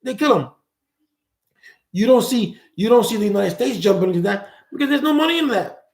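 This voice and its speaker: A man's voice: high voice, lively intonation, brisk, echoey room, rough recording. A man hosting a live call-in chat, talking bluntly, swearing freely and repeating words as he thinks. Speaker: host.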